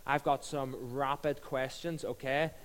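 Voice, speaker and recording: A man's voice: mid-range voice, flat delivery, unhurried, clean tone. A man hosting a church panel, jokey and upbeat. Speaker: host. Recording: long reverb of a hall.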